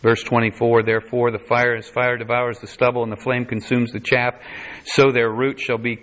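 A man's voice: mid-range voice, flat delivery, normal speed, fairly bright tone. A man preaching a sermon as pastor, reading scripture verse by verse and adding wry asides. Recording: dull lo-fi sermon recording.

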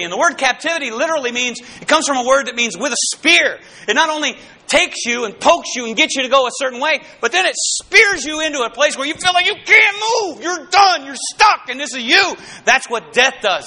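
Fervent male preacher with a very high, piercing voice; calls out to the congregation. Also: bright, forceful tone. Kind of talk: sermon.

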